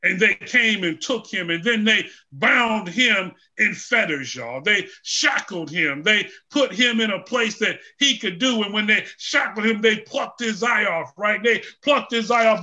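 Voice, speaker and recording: High, bright-voiced male preacher shouting. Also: animated, a little slow, few pauses. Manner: call-and-response preaching, rising to shouts. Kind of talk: sermon.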